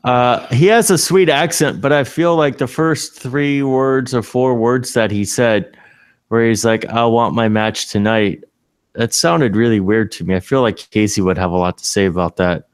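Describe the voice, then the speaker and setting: A man's voice: mid-range voice, moderate pace, dry recording. A man co-hosting a podcast from a hotel room, chatting casually in a joking, offhand way. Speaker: podcast co-host. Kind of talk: casual chat.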